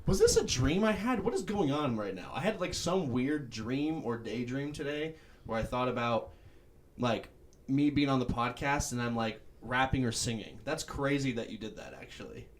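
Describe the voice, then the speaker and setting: A young man chats casually as a podcast co-host, his voice bouncing up and down in pitch. He is giggly and animated, often breaking into laughter. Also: normal speed. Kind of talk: casual chat.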